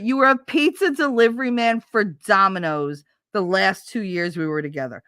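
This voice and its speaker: A woman's voice: a little high, moderate pace, hardly any pauses, fairly bright tone, no echo, studio quality. A middle-aged woman hosting a podcast, chatting casually with her live audience and ranting in a blunt, heated, profane way. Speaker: podcast host. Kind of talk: casual livestream chat.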